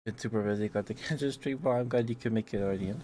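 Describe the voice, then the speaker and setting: Young man, low soft voice, rambling ASMR stream chat, hesitant fillers, faint hum behind. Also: fast.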